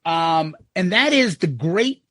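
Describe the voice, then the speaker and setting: Podcast co-host, man, rambling joker, higher voice with lots of swing, dry close mic. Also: big pitch swings, takes it slowly, sharp tone, no room sound. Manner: rambling, joking storyteller. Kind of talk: casual chat.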